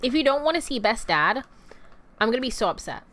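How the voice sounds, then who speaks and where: A woman's voice: a little high, very animated, fairly quick, fairly bright tone, a little hiss or hum. A woman streaming and chatting casually with her viewers, rambling in a playful, talkative way. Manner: addresses viewers as "you guys" and "y'all". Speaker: VTuber streamer.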